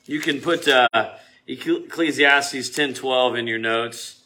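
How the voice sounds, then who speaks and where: Man, casual preacher, bright tone, chatty with frequent laughs, gets loud on scripture. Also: medium pitch, slow pace, a little hiss or hum. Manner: conversational, chatty, rising to loud emphasis when quoting scripture; laughs often and uses many fillers and restarts. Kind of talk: informal sermon.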